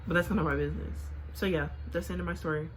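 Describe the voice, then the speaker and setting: A woman's voice: on the low side, fairly even intonation, very fast, slight background noise. A young woman vlogger casually telling a story, chatty and full of filler words.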